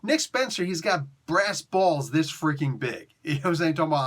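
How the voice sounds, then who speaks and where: A young adult man giving a casual, excitable comic book review, laughing often and using slang. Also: a little high, a little fast, few pauses.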